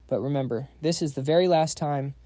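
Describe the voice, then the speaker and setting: A man's voice: fairly high pitch, brisk, warm tone, dry recording, close to an everyday voice. A man voicing a proud, powerful middle-aged father who speaks bossy and blunt. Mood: commanding.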